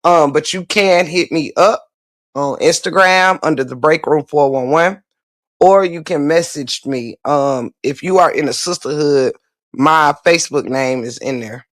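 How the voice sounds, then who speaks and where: A woman's voice: sits low, unhurried, no room sound, clean studio sound. A woman hosting a livestream, ranting bluntly and profanely while answering viewer comments, repeating her points for emphasis. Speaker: livestream host.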